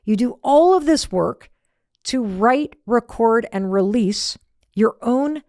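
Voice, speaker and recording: A middle-aged woman hosting a podcast, telling a story in an animated motivational talk that drops to whispered asides. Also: fairly high pitch, slow, no room sound, clean studio sound. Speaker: podcast host.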